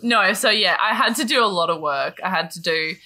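A woman's voice: mid-range voice, fairly quick, pushed and bright. A woman chatting candidly, swearing freely and filling her talk with likes and ums. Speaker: guest sharing her story. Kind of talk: casual chat.

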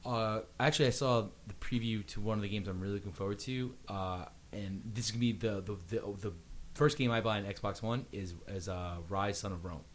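A man co-hosting a casual gaming podcast, cracking jokes and chiming in quickly. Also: fairly low pitch. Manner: jokey, quick interjections. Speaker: podcast co-host.

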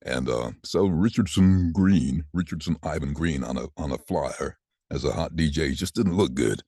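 A man in his sixties who is a voiceover artist, telling lively stories about his life in a relaxed interview. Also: a bass voice, moderate pace, husky, dry recording, clean studio sound. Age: 60s. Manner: chatty, animated anecdotes with laughs. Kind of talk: casual storytelling interview.

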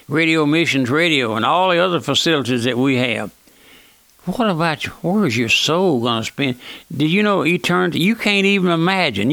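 A man preaching a sermon on the radio in a plain, folksy, earnest manner, often calling out to his listeners as friends and slowing down for scripture. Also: a little high, vocal fry, bright, forceful tone, no room sound. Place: church auditorium.

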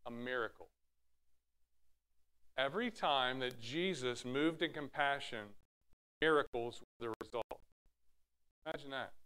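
A man's voice: mid-range voice, measured pace, pauses often, sharp tone, smooth. A man preaching a sermon, teaching from scripture with rhetorical questions and acting out Bible scenes in raised voices. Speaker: pastor.

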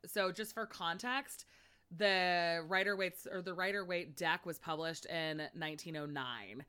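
Bright-voiced chatty young woman. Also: fairly low pitch, a little slow, clear, resonant tone. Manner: chatty, heavy use of "like". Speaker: podcast co-host. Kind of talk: casual chat.

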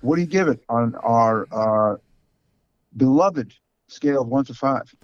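A man's voice: mid-range voice, animated, a little slow, no echo, dull audio. A man with a New York accent, co-hosting a podcast in a frank, casual chat full of fillers. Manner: chatty, frank, with many fillers. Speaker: podcast co-host.

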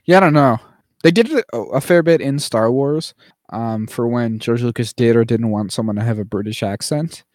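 A man's voice: medium pitch, normal speed, darkish tone, no echo. Guy cohosting a podcast, rambly, lots of ums, tosses in goofy voices, dry close mic. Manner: rambling, with many fillers and playful mock voices. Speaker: podcast co-host. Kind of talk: casual chat.

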